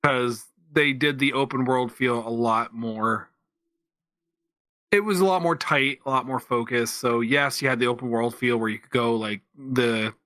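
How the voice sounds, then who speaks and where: Podcast co-host, man, bright voice, rambling casual delivery, dry close mic. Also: mid-range voice, unhurried, no echo. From Pennsylvania, USA. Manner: rambling, lots of restarts and fillers. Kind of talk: casual chat.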